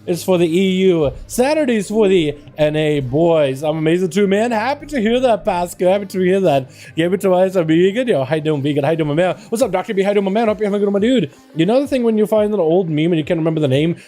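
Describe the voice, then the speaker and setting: A young man hosting a game livestream, chatting casually and excitably, greeting his chat with lots of slang. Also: high-pitched, quick pace, few pauses, soft background music. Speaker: streamer hosting game duels.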